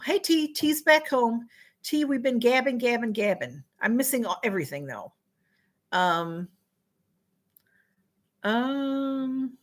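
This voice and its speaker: Chatty woman hosting a livestream. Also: fairly high pitch. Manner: chatty, distracted, apologizing for missing comments. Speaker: livestream host. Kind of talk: casual livestream chat reading viewer comments.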